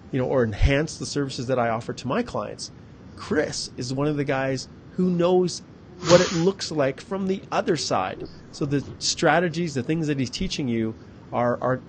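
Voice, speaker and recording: A man's voice: medium pitch, slight background noise. A man, an immigration lawyer, hosting an interview and talking earnestly, with small fillers and repeated words. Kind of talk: casual interview talk.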